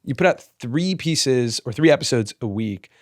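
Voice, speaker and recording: A man's voice: mid-range voice, animated, moderate pace, no echo, studio quality. A man in his thirties hosting an interview, framing thoughtful questions. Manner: thoughtful, frames questions with stats, restarts. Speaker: podcast host, interviewer.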